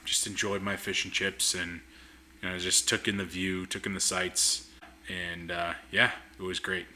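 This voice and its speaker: A man chatting casually on a podcast, telling a lively story and acting out what people said. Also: sits low, unhurried, slight background noise. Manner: animated storyteller acting out quotes. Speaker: podcast guest. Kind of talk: casual chat.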